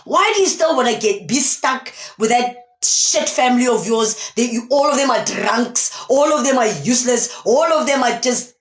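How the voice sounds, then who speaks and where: A woman's voice: fairly high pitch, normal speed, hardly any pauses. A woman from South Africa giving a motivational talk on a live stream, speaking emphatically and asking many rhetorical questions. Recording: echoey room.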